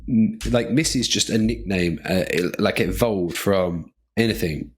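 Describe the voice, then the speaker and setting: Very deep husky man chatting loosely. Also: a little slow. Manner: loose, meandering, filler-heavy. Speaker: podcast co-host. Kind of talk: casual chat.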